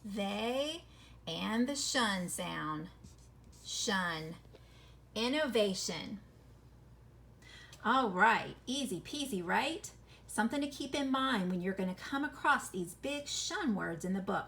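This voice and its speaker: A woman teaching a phonics lesson to children, encouraging and sounding words out slowly syllable by syllable. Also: medium pitch, lively intonation, creaky, a bit bright. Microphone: recorded video lesson.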